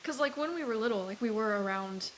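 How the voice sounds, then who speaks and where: A woman with a North Carolina accent in casual chat, talking in a relaxed, thoughtful way and often trailing off. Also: fairly high pitch, fast, rough recording. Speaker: co-host.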